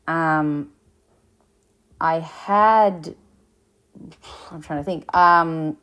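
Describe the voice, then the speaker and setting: A woman teaching a recorded lesson, explaining slowly, with fillers and restarts. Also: low-pitched, a bit bright, slight background noise. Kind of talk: recorded lecture.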